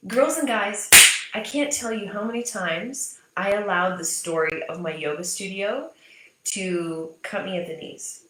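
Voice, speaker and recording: A woman's voice: mid-range voice, measured pace, heavy background noise. A woman in her thirties, a business mindset coach, talking casually and candidly to her audience, swearing freely and repeating points for emphasis. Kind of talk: casual motivational talk to camera. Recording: echoey room.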